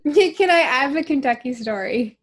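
A woman's voice: sits high, lively intonation, moderate pace. A woman in her thirties from Canada, co-hosting a casual chat over a call and telling stories with frequent laughs and casual swearing. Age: 30s. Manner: chatty storyteller, laughs often, swears casually. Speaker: podcast co-host. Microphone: remote call recording.

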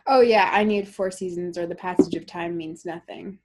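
A woman's voice: on the low side, steady tone, moderate pace, noisy background. Laughing, chatty Canadian woman in her thirties. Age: 30s. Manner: chatty storyteller, laughs often, swears casually. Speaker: podcast co-host. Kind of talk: casual chat. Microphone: remote call recording.

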